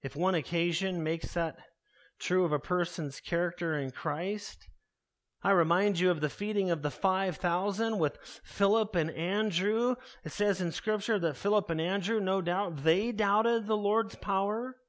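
A man's voice: high-pitched, unhurried. A man preaching an earnest expository sermon, calling his listeners beloved.

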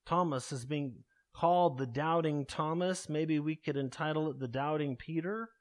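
A man's voice: fairly high pitch, normal speed. A man preaching an earnest expository sermon, calling his listeners beloved.

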